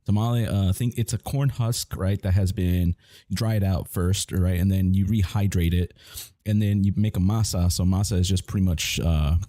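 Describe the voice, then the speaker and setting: Guy with a low warm voice rambling and swearing while he games, dry sound. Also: fairly even intonation, normal speed, no room sound. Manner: rambling, profane storytelling with restarts. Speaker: gamer chatting on stream. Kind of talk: casual chat while gaming.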